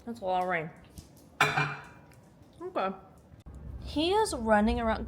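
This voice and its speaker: Recorded on a handheld phone with slight background noise, a woman vlogs casually from home during a storm. Her voice sits on the high side, very animated and unhurried, as she chats, jokes, laughs often and swears casually.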